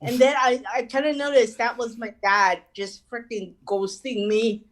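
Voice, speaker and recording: Lady comic doing a loose rambly set online, kinda high voice, swears a lot. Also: steady tone, normal speed, rough recording. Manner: rambling, profane, lots of "you know". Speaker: stand-up comedian. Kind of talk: online open-mic stand-up set.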